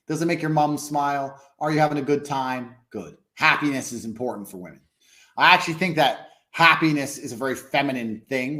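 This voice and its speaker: A man as a podcast guest in casual conversation, blunt, profane and boastful, slowing down to stress points. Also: medium pitch, pushed and bright.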